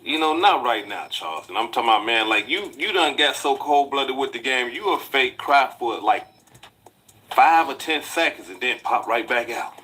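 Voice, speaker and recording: A man giving casual commentary, mocking and lecturing in a drawn-out way. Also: mid-range voice, lively intonation, bright, forceful tone, husky.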